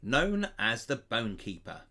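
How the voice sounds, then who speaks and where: A man's voice: medium pitch, sing-song, slow, bright, forceful tone, heavily acted. A man voicing a timid little hooded man who carves bones, sad and fearful at first and proud later.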